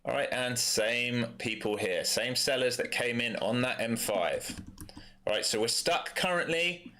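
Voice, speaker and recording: Bright-voiced London man trading live. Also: medium pitch, a little hiss or hum. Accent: London English. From East London, England. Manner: casual, blunt, quick chat asides. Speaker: day trader streaming live. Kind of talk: live trading commentary with chat replies.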